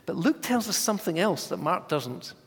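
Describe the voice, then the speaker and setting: A man preaching a sermon in a church, measured and emphatic, sometimes dropping his voice to a hush. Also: high-pitched, big pitch swings, husky, in a large hall.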